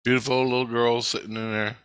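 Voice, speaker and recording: A man telling a dream in casual, profane storytelling, swearing constantly and getting animated as he retells it. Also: medium pitch, a little fast, clear, resonant tone, no echo.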